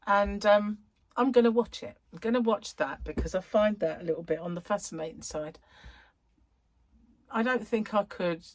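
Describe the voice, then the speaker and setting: A woman's voice: mid-range voice, normal speed, dry recording. A middle-aged woman hosting a crochet vlog, chatting casually to camera in a rambling way, with lots of ums and self-corrections.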